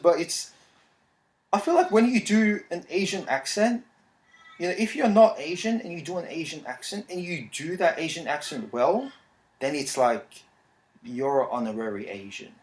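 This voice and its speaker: A man's voice: sits high, normal speed. A man, hosting a podcast in casual, rambling solo talk. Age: 30s. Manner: rambling, relaxed, frequent fillers. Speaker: podcast host. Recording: roomy echo.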